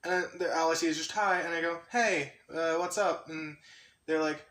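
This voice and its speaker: Giggly young man with a bright voice. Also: a little high, steady tone, normal speed, echoey room. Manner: rambling, giggly, lots of fillers and asides. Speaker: YouTuber. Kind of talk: casual storytelling vlog.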